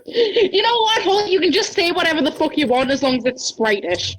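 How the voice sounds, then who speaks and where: A woman's voice: extremely high pitch, big pitch swings, a little fast, fairly bright tone, rough recording. A woman running a casual voice-chat role-play game, blunt and swearing freely.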